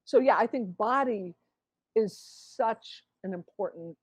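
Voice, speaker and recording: A woman's voice: medium pitch, slow pace, husky, no echo. A woman author as a guest in a conversational interview, acting out inner voices as she explains. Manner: animated, acts out inner voices.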